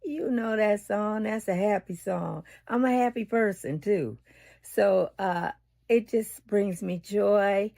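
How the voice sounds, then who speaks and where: Slow, gravelly cheerful woman. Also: medium pitch. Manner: cheerful, unhurried, soft asides. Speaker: guest segment host. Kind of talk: casual spoken message.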